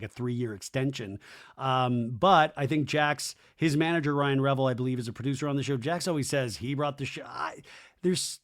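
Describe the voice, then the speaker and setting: A man hosting a casual podcast, reading out listener comments and chatting about them, thinking aloud with plenty of fillers and hedges. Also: mid-range voice. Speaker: podcast host.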